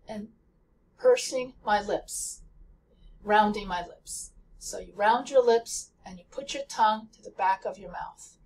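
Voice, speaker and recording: A woman's voice: medium pitch, far from the mic. A woman teaching a pronunciation lesson, speaking carefully and repeating example words to demonstrate sounds. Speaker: language teacher.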